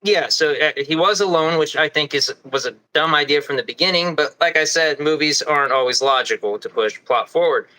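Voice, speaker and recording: Bright-voiced man arguing a film theory. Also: fairly high pitch, rough recording. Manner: quick, animated arguing with frequent restarts. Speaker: podcast co-host. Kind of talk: casual podcast discussion.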